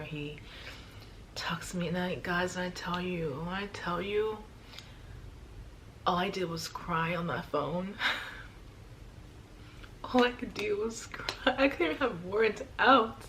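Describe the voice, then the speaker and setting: A young woman vlogger telling a personal story in a heartfelt, emotional way, with many sighs and pauses. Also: sits low, fairly bright tone, a little hiss or hum.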